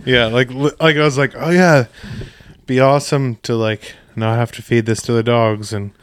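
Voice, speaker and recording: A man's voice: mid-range voice, fairly even intonation, normal speed, clean tone. A man chatting casually about fishing, laid-back and profane, laughing often.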